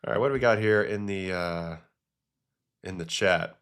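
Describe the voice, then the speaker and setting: A man with a somewhat low voice hosts a relaxed livestream. He chats loosely as he reacts to game clips and reads chat questions, mixing stories with quick takes. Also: clear, resonant tone. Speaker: host, former pitcher. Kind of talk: casual livestream commentary.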